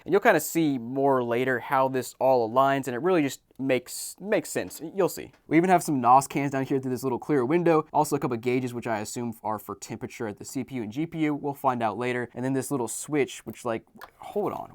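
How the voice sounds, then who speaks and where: Young male host, fast and chatty, dry close sound, middle pitch, excitable unboxing vlogger. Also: dry recording. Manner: excited, exclaims often. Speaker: video host. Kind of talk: casual unboxing commentary.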